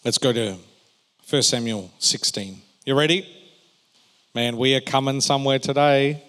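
A male pastor preaching a sermon, swinging between emphatic raised phrases and quiet, joking asides to the congregation. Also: mid-range voice, unhurried. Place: church hall. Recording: long reverb of a large hall.

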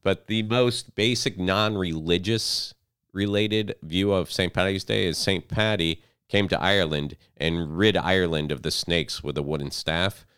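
A man in his thirties co-hosting a casual podcast, joking and slipping into loud mocking impressions. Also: deep voice, a little slow, clean tone, no room sound, clean studio sound. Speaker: podcast co-host. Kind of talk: casual banter.

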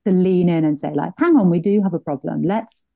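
A middle-aged woman hosting an interview, an animated storyteller who laughs often and acts out the people she quotes. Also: fairly low pitch, fairly quick, creaky, no room sound, phone-quality sound. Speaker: podcast host. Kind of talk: conversational interview.

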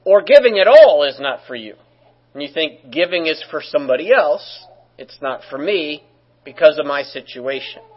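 At a normal speed, a male pastor gives a relaxed, conversational sermon sprinkled with joking asides. His slightly high voice has a husky edge, and the recording is somewhat dull and lo-fi.

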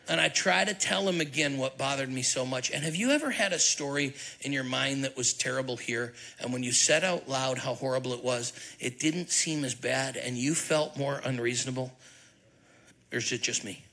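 A middle-aged man, lead pastor, preaching a sermon with animated, humorous storytelling and questions to the congregation. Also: medium pitch, normal speed, low-quality recording.

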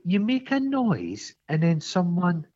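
A Scottish man in casual podcast chat, his slightly high voice leaping all over the place as he tells a sweary story. The sound is dull and lo-fi. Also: slow. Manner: sweary, animated storytelling, acts out quarrels. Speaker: podcast co-host.

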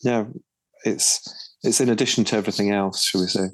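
A man's voice: lowish voice, fairly even intonation, brisk, no room sound, rough recording. A man co-hosting a podcast, talking casually in a hesitant, teasing way with lots of fillers. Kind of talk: casual chat.

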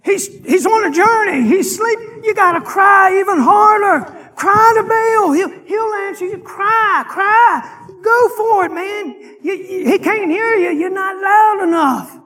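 A man shouting as a jeering prophet. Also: very high-pitched, big-room sound, voice pushed up, heavily acted. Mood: mocking. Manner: loud, jeering, drawn-out shouting. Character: mocking prophet taunting rivals at full shout.

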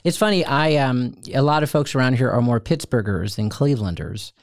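A middle-aged man from Ohio, co-hosting a casual chat and telling stories with lively quoted voices. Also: mid-range voice, a little fast, dry recording, studio quality. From Ohio, USA. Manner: animated storyteller, acts out quoted voices. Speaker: co-host.

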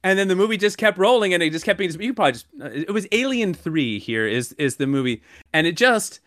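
A man in his thirties co-hosts a podcast, telling a story during casual chat and growing more worked up as it goes on. He talks fast in a high voice, and the studio sound is clean with no echo.

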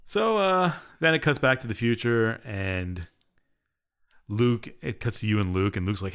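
Fairly low in pitch, this man's voice is animated, clear and resonant, with a fairly bright tone at normal speed. As a podcast co-host, he retells a game's story offhandedly, rambling along with many fillers and shrugging asides.

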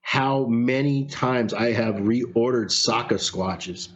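A man telling a story in casual chat, animated, with some swearing. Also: mid-range voice, takes it slowly, a little hiss or hum. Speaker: podcast guest. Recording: lo-fi sound.

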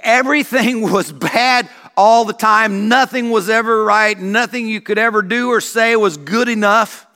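A male senior pastor preaching a sermon, telling stories in an animated way. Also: high-pitched, a little slow, hardly any pauses. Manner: animated storytelling with acted voices. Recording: long reverb of a church hall.

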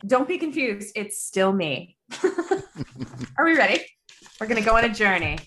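A woman's voice: mid-range voice, very animated, normal speed, fairly bright tone, a little hiss or hum. A woman in playful, chatty banter on a comedy podcast.

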